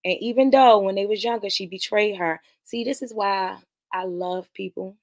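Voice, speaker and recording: On her podcast, a woman casually recaps a movie's plot, rambling and swearing as she talks straight to viewers, and admits she's nervous about streaming live. She speaks at a medium pitch and moderate pace, with no echo.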